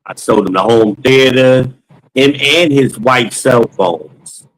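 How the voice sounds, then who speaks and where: A man's voice: medium pitch, slow, low-quality recording. A man casually telling a story from his sales days, slangy and loose, acting out dialogue with frequent ums.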